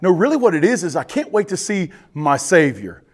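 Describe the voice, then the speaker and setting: Man, pastor, high voice, sermon, emphatic swings from loud to hushed. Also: big pitch swings, fairly quick. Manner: preaching with emphatic rises and drops, addressing the congregation directly.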